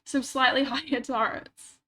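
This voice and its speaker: A woman's voice: sits high, steady tone, a little slow, sharp tone, slight background noise. Chatty woman, stuffy-nosed. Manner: chatty, rambling, self-mocking asides. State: stuffy nose. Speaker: livestreamer. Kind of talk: casual chat while gaming. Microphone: desk microphone.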